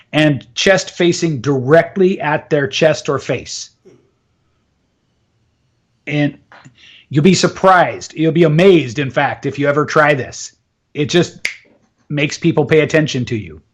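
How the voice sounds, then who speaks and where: Male voice coach, interview guest, upbeat and laugh-prone, voice sits a touch high. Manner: enthusiastic, laughs often, demonstrates with his voice. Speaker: voice and communication coach. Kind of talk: interview, explaining techniques.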